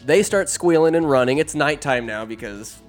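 A man recapping a fantasy film in casual, sarcastic commentary, animated and quick to put on voices for the characters. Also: a little high, faint music behind. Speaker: movie recapper. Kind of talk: casual comedic movie recap. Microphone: phone or desk mic, recording alone.

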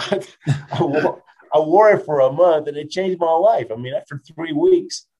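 Lively storytelling man, laughing often. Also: on the high side, moderate pace, highs cut off. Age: 50s. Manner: lively, laughs often, tags lines with "right?". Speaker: motivational speaker, interview guest. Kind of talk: storytelling in a casual interview.

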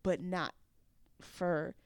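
Gravelly-voiced young woman telling a story. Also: extremely slow, dry recording, clean studio sound. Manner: animated, acts out quotes with big jumps in pitch. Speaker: interview guest. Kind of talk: casual storytelling.

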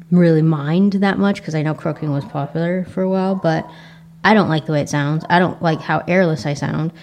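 A woman's voice: sits low, darkish tone, slight background noise. A young adult woman with an Asian American accent hosting a casual solo podcast, reflective and rambling with frequent restarts. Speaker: podcast host.

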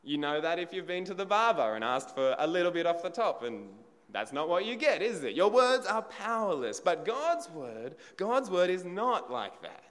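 A man's voice: sits high, big pitch swings, moderate pace, few pauses, fairly bright tone, long reverb tail. A man preaching a sermon in a conversational way, asking the congregation rhetorical questions.

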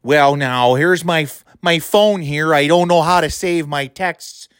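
A man putting on the voice of a dopey, fumbling older male judge, with a slow, bumbling Midwestern accent. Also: fairly high pitch, fairly bright tone, clean tone, dry recording, studio quality. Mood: mocking.

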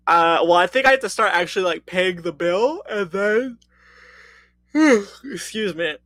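Bright, high-voiced young man, tired. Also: lively intonation, normal speed, no echo. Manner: rambling storytelling, loose and profane. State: tired from no sleep, yawning. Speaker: podcast co-host. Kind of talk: casual chat.

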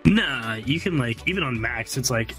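A young man co-hosts a casual podcast, easygoing and amused. His voice sits at a middle pitch. Faint music plays under the chat. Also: lively intonation, normal speed, fairly bright tone. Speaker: podcast co-host.

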